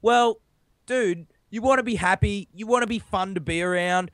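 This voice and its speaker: An Australian man co-hosting a podcast, laid-back and jokey with slang and swearing, his voice a little rough from being sick. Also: high voice, moderate pace, a bit bright, no room sound. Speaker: podcast co-host. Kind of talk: casual podcast chat.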